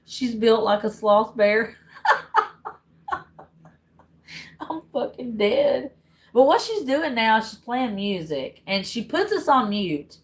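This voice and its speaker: A woman's voice: fairly high pitch, big pitch swings, takes it slowly, pauses often, low-quality recording. A woman from Tennessee with a Southern accent, chatting bluntly and casually to her livestream viewers and swearing freely. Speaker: livestream host.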